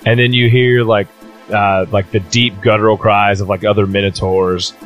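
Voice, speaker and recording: A man with a fairly low voice runs a tabletop game and narrates the scene. He talks casually and loosely, full of fillers, with soft music running behind him. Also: little pitch movement, moderate pace, highs cut off. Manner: casual, rambling with many fillers. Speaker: game master.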